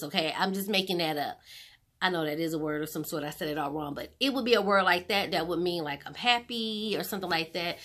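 A woman chatting casually as she retells a short film's plot for her viewers, talking straight to them in a lively, animated way. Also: lowish voice. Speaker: commentary host. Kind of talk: casual movie recap commentary.

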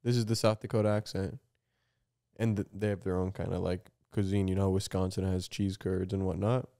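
A young man from Canada co-hosting a podcast, teasing his friend in a deadpan, mock-serious way. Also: low-pitched, brisk. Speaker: podcast co-host. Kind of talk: casual chat.

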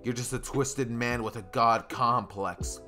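A man's voice: mid-range voice, fairly even intonation, unhurried, bright, forceful tone, faint music behind. A man voicing a determined, defiant teenage boy hero, pushing his voice up on key words.

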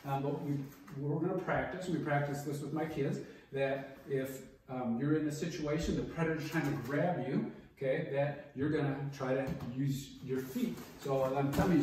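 A man's voice: fairly high pitch, normal speed. Middle-aged male instructor in an echoey room. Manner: coaching, repeats key steps, brief checks like 'okay?' and 'all right?'. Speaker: martial arts instructor. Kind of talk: hands-on safety demonstration class. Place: large martial arts training room. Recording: very echoey room, distant mic, faint noise.

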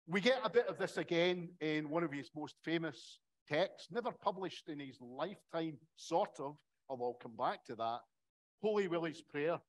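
A man's voice: a little high, expressive, normal speed, poor audio. Wry man lecturing. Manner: conversational, wry asides. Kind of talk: public academic lecture.

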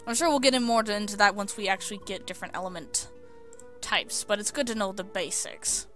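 A woman's voice: mid-range voice, a little fast, sharp tone, faint music behind. A young woman hosting a video game playthrough, reading tutorial text aloud and adding casual asides. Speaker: let's play host.

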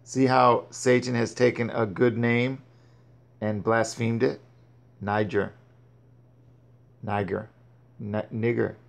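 A man with a rough, gravelly voice works slowly through scripture. He reads a verse, then breaks off to explain it and urge the listener on. His words often trip and restart before he picks the reading back up. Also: mid-range voice, little pitch movement. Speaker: Bible teacher.

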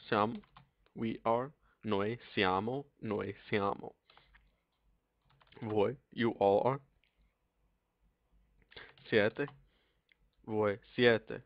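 Halting young man teaching slowly. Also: fairly low pitch, no room sound. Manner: halting, many ums and pauses. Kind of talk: casual language lesson. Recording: dull lo-fi dry recording.

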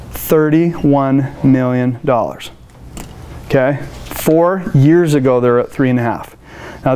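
A man giving a motivational customer service training talk to a live room, energetic and playful, acting out phone calls. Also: on the high side, clean tone.

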